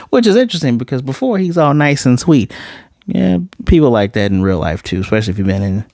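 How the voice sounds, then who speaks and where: Animated slangy man recapping a show. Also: medium pitch, brisk, vocal fry, dry recording, studio quality. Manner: animated retelling, acts out quoted lines, slangy and profane. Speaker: TV series reviewer. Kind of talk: casual episode recap and review.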